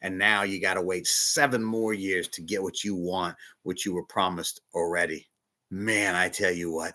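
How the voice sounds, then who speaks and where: A man preaching a casual sermon as a bishop, emphatic, swinging between loud stresses and hushed asides. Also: low voice.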